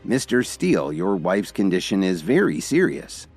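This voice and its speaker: Guy doing stiff young doctor, formal, low voice, giving bad news. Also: very animated, normal speed, a little mellow, breathy edge, soft background music, exaggerated voice. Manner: formal, reluctant. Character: young doctor, polite but irritated.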